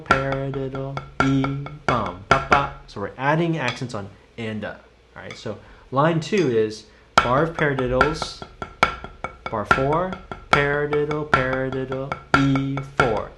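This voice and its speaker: Here a man runs a live-streamed drum lesson in a mid-range voice, chanting syllables for the sticking to explain rhythms. He keeps it casual and encouraging and talks with his viewers.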